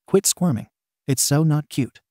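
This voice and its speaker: A man's voice: a little high, expressive, unhurried, warm tone, dry recording, studio quality. Man voicing a bubbly young villain girl. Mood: perky.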